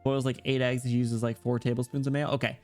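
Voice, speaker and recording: A man chatting loosely with his stream viewers, jumping from one thought to the next and cracking jokes at his own expense. His voice sits at an ordinary middle pitch, and some music plays faintly behind him. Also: level tone, a little fast, a little mellow. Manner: rambling, self-deprecating, joking. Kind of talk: casual chat with viewers.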